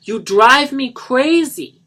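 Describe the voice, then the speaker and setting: A man's voice: very high voice, animated, takes it slowly, bright, forceful tone, pitched above the performer's own voice, full character voice. A man voicing a melodramatic, overwrought man who pleads and rages. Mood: anguished shouting. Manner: strained, overblown outbursts.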